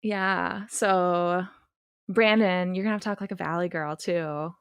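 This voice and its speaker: A woman's voice: lowish voice, fairly even intonation, a little slow, smooth, dry recording. A woman with a Californian accent co-hosting a podcast, running a game in a playful, bossy way. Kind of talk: casual chat.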